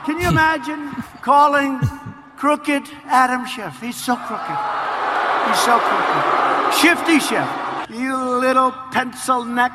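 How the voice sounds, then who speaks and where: A man's voice: very high-pitched, takes it slowly, voice pushed up. A man doing a boastful, taunting politician impression, heard with some echo and noise. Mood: mocking.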